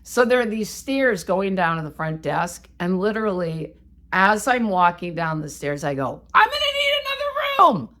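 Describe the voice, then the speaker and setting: A woman co-hosting a podcast, telling a story in a casual, animated, self-mocking way. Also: fairly low pitch, moderate pace. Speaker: podcast co-host.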